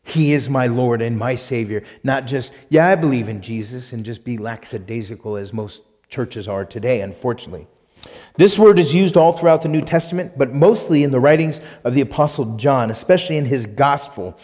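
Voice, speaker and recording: A man's voice: mid-range voice, a little fast, a little mellow, big-room sound. A man preaching a sermon as pastor, emphatic and repetitive, with rhetorical questions and sudden bursts of force. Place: church sanctuary.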